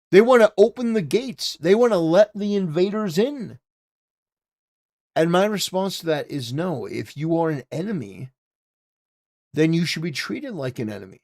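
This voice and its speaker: A man's voice: fairly high pitch, a little mellow. A man hosting a live stream, talking casually and ranting, with lots of "you know" fillers and swearing. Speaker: streamer host.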